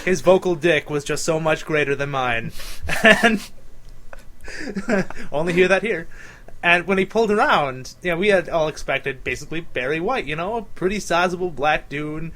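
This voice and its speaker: A young man in a loose, jokey podcast chat, with a voice sitting a little higher than most men's. He tells stories with animation and laughs often. He breaks into impressions of the people he describes. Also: lively intonation, normal speed, fairly bright tone. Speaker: podcast co-host. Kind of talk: casual chat.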